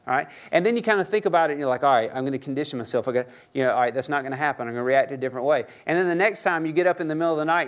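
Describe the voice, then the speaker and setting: A young man preaching a sermon in a church with a fairly high voice. He talks loosely and jokes, and keeps turning to the congregation with questions. His delivery is conversational rather than formal. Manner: conversational, joking, asks the audience questions. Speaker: pastor.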